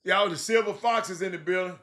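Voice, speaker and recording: Lively middle-aged man hosting sports talk. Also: high-pitched, fairly quick. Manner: animated, repeats himself, shouts out listeners. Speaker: sports talk show host. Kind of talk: casual call-in sports talk.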